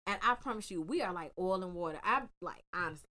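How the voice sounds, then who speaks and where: Frank, animated woman host. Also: on the low side, fast. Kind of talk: casual chat.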